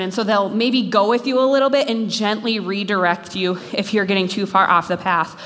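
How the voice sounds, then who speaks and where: A young woman from Minnesota giving an animated, self-deprecating talk to students. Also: mid-range voice, normal speed. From Minnesota, USA. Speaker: speaker. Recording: long hall reverb.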